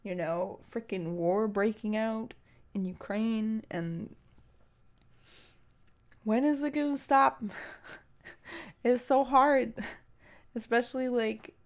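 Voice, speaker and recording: A woman's voice: fairly high pitch, fairly even intonation, takes it slowly, long pauses. Teary woman streamer chatting casually. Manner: emotional, rambling, lots of fillers. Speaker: streamer and singer. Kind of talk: casual live-stream chat.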